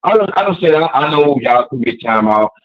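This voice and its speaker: A man calling in to a show, speaking passionately in a husky voice and repeating his questions. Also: on the high side, a little fast, slight background noise. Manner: impassioned, lively, repeats questions. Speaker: caller. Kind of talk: passionate call-in monologue. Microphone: phone. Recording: tinny phone line.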